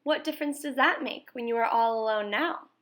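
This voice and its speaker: A woman's voice: fairly high pitch, a little fast, a bit bright, close to an everyday voice. The night stars in a storybook speak down in a cool, taunting way, as a woman reader puts them on. They sound aloof and mocking.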